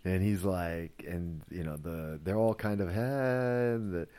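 A podcast host with a low, mellow voice recaps a series at a normal pace. His talk is loose and rambling, packed with "like," "you know," and plenty of swearing.

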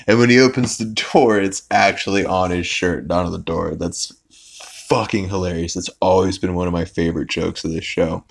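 A man's voice: deep voice, fairly even intonation, normal speed, gravelly. A young man hosting a podcast, recapping an episode in a rambling, casual way with lots of fillers and restarts. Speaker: podcast host.

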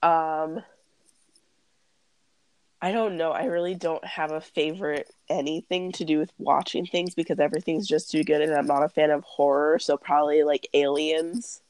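A woman's voice: low-pitched, steady tone, normal speed, darkish tone, no echo. A young woman co-hosting a podcast while sick, chatting casually in a blunt, joking way and laughing often into a close mic. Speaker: podcast co-host. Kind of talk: casual chat.

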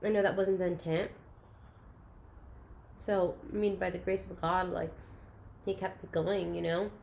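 A woman's voice: on the low side, flat delivery, a little slow, vocal fry, a little hiss or hum. Earnest woman speaking openly. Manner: earnest, open, soft-spoken at times. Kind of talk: candid personal chat.

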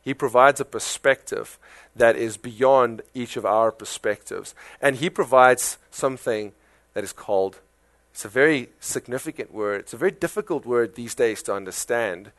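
A man with a South African accent preaching a sermon in a conversational, animated way, full of rhetorical questions. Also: medium pitch, moderate pace, no echo. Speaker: pastor.

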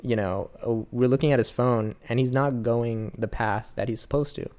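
Young man, smooth clear voice, casual and lively storyteller who laughs easily. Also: mid-range voice, moderate pace. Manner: lively, laughs often, acts out quotes.

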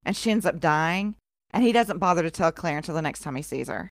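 A woman's voice: low voice, lively intonation, brisk, no room sound, clean studio sound. A woman co-hosting a casual podcast who retells history in an irreverent, profane way, full of sarcastic asides. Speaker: podcast co-host.

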